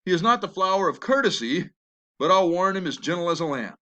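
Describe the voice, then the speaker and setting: A man's voice: high voice, lively intonation, a little fast, pushed and bright, voice pushed up. A man reading the lines of a complaining old nurse who teases and stalls, as a classroom reading from the play. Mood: grumbling. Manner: read aloud from the play text.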